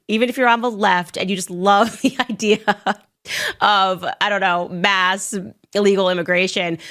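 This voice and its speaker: A woman's voice: medium pitch, fairly bright tone. A woman hosting a commentary podcast, talking casually and sarcastically with lots of filler words. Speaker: podcast host. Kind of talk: political commentary.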